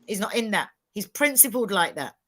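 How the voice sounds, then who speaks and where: A middle-aged woman with a bright, forceful tone. She talks emphatically in a relaxed panel chat and acts out other people's lines as she tells a story. Her pitch sits in the middle of the usual range for a woman. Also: fairly quick. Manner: emphatic, animated storytelling with quoted dialogue.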